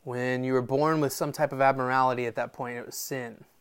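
A pastor delivers a sermon in a relaxed, conversational way. He keeps to a middle pitch. He tells stories and mixes in small asides. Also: a little fast, clear, resonant tone. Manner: conversational, storytelling with voiced quotes and laughs.

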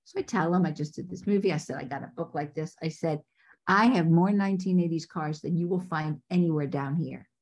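A woman casting director telling stories in a podcast interview, lively and acting out the voices of people she quotes. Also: low voice, a little fast. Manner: animated, acts out quoted voices.

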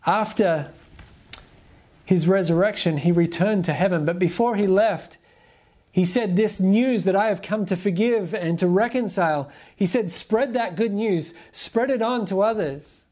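Earnest, measured preacher. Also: medium pitch, darkish tone. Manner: earnest, measured, asks the listeners direct questions. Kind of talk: sermon.

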